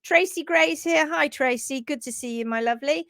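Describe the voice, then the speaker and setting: A woman hosting a live stream in casual chat, excitedly greeting viewers by name. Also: high-pitched, normal speed, gravelly, no room sound, studio quality. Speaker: livestream host.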